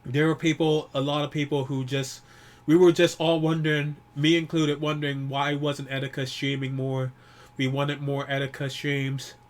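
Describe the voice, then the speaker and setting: A man grieving while talking alone to the camera, rambling and swearing often, with many restarts and pauses. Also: fairly high pitch, level tone. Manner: profane, rambling, frequent restarts. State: grieving, holding back tears. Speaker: YouTuber. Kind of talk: personal vlog monologue.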